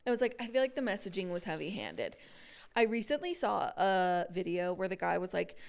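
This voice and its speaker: A woman co-hosting a podcast, chatting casually about books with quick asides. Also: lowish voice, very animated, creaky. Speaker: podcast co-host. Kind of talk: casual chat.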